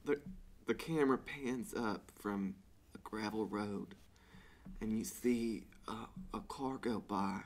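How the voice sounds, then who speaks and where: A man's voice: fairly low pitch, slow pace. A man improvising a fussy, eager female ad employee in a comedy sketch.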